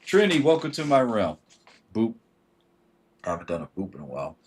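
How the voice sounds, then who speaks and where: A man with a fairly low voice, chatting casually to his livestream audience. He talks in an animated way, slipping into other voices to act out what people think and greeting viewers mid-sentence. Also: a little fast, breathy edge. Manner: animated, acts out quoted thoughts in shifting voices. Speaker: livestream host.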